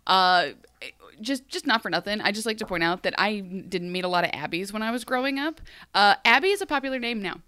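This is a woman co-hosting a casual podcast recap, talking in a chatty, animated way. Her voice is bright and smooth, and the sound is close and dry with no room around it. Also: mid-range voice, fairly quick, dry recording. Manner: chatty, animated, acts out scenes in funny voices. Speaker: podcast co-host.

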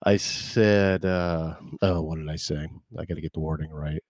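Deep-voiced man rambling on his podcast. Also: steady tone, normal speed, darkish tone, no echo, studio quality. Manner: rambling, wry asides. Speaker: podcast host. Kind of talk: casual live-stream chat.

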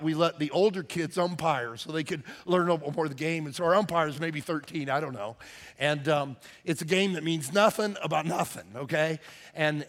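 A middle-aged man, a lead pastor, preaching a sermon in a confessional storytelling way with sudden loud outbursts. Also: on the high side.

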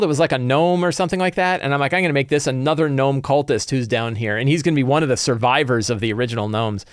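A man recapping his tabletop game session as game master, animated and quick to act out his players' lines. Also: mid-range voice, clear, resonant tone, dry recording, clean studio sound. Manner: animated, acts out player and NPC quotes, frequent restarts.

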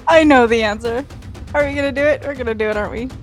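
A woman's voice: high-pitched, quick pace, soft background music. A woman playing a tabletop game, laughing often and swearing in casual chat. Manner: giggly, swearing. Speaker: player.

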